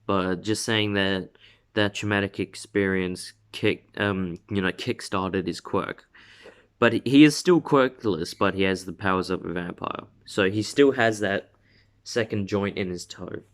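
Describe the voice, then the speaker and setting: A young man drifts through a homemade story in his room. His voice is low and smooth. He is slow and unhurried, and he keeps restarting and filling gaps. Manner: rambling, many fillers and self-corrections. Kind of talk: casual spoken fan story.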